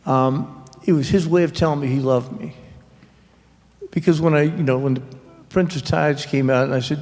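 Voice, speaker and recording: Gravelly-voiced man telling wry stories. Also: a little high, darkish tone, a little hiss or hum. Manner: anecdotal, wry, halting with fillers. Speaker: author. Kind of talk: storytelling at a library author talk. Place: public library event hall. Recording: reverberant hall.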